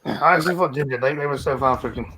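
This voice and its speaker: A man's voice: mid-range voice, very fast, bright, forceful tone, husky, poor audio. Blunt, swearing Scottish man. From Scotland. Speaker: streamer reading the news. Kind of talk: casual chat.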